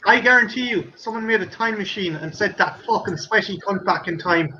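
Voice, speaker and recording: Irish man, high voice, casual stream host, swears a lot, muffled noisy recording. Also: brisk, sharp tone. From Ireland. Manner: swears often, rambling and joking. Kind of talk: casual chat.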